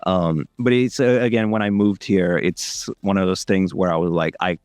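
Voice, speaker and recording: A man's voice: low-pitched, fairly even intonation, normal speed, darkish tone, no echo, studio quality, faint music behind. A young man from India with an American accent, a voice actor rambling casually with many fillers in an interview. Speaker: voice actor guest.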